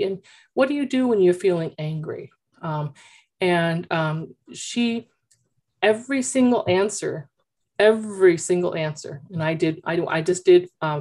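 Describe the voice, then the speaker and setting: A woman coach talking with parents in an animated, chatty storytelling way, through a headphone mic. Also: fairly low pitch. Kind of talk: consultation with parents.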